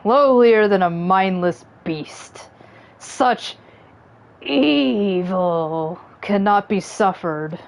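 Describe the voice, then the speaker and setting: Old samurai sensei from a game, stern and solemn, slow lines, voice somewhat low as a woman streamer reads him. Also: creaky. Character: old male samurai master, stern and dignified. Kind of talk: reading game dialogue aloud.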